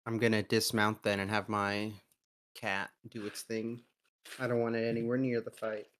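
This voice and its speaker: A man's voice: on the low side, little pitch movement, normal speed, fairly bright tone. A young man chatting casually as a player in a tabletop game, easygoing and laughing often. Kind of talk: casual chat.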